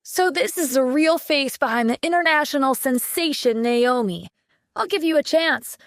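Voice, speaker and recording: A woman voicing a calm, stern young man who heads a security department, speaking firmly in an audio drama. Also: sits high, normal speed, dry recording, studio quality, voice pushed up. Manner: cool, firm, demanding. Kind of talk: audiobook character voice.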